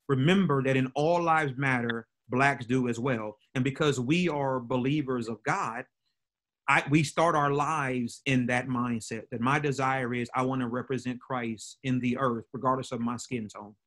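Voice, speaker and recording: A man's voice: mid-range voice, fairly bright tone. A middle-aged man, a pastor, telling a personal story to a church audience in an earnest way that often repeats and restarts words.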